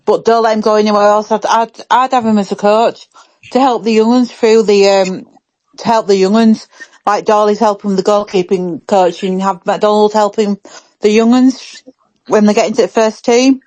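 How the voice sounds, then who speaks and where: A woman's voice: medium pitch, steady tone, moderate pace, darkish tone, dry recording, low-quality recording. Woman rambling a bit on a podcast, dry close sound. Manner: chatty, repeats herself mid-thought. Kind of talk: casual fan podcast chat.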